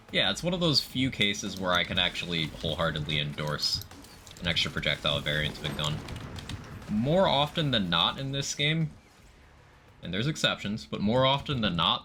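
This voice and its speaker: Man, very low voice, casual live stream chat, detailed game explanations, noisy background hum. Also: lively intonation, moderate pace, sharp tone. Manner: explains game mechanics while greeting chat. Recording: background noise.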